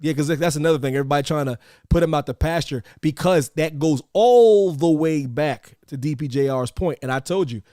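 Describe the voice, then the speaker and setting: A man co-hosting a casual wrestling podcast, loud and animated, swearing and laughing often. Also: fairly high pitch, a little fast, no echo, studio quality. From Georgia, US. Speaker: podcast co-host.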